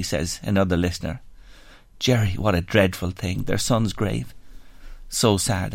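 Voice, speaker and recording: A man's voice: fairly low pitch, dry recording. An Irish man hosting a radio phone-in show, speaking earnestly and sombrely and reading out listener messages into a studio microphone. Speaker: radio talk show host.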